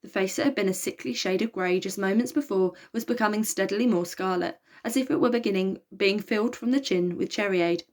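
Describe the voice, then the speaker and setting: Lady reading a kids' novel out loud, lively and expressive. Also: mid-range voice, a little fast, hardly any pauses. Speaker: storybook reader. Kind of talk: reading a children's novel aloud.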